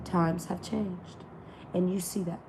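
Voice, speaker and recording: The woman's voice is fairly low and steady, and she takes her time while background noise runs beneath her. She's reading tarot for viewers online in a relaxed, foul-mouthed, slangy style, her voice not yet fully healed.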